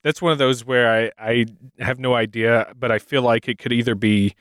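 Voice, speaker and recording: A man's voice: medium pitch, steady tone, moderate pace, fairly bright tone, clear, resonant tone, no echo, studio quality. A man co-hosting a trivia podcast in casual chat, easygoing and restarting words as he thinks. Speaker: podcast co-host.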